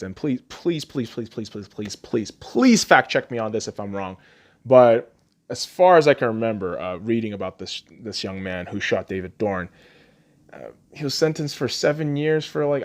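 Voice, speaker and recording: A podcast host on an angry, profane rant, swinging between shouting and low muttering. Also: male voice.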